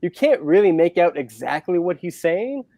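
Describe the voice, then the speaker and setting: A man's voice: high-pitched, moderate pace, no room sound. A man reviewing movies, chatting on a livestream and animatedly retelling scenes. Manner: animated storyteller, acting out scenes. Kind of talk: casual livestream chat.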